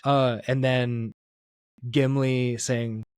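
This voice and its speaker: A man's voice: medium pitch, level tone, extremely slow, darkish tone, smooth, no echo, studio quality. A man hosting a podcast interview, talking in a rambling way full of fillers and restarts. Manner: rambling, filler-heavy, self-correcting. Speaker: podcast host.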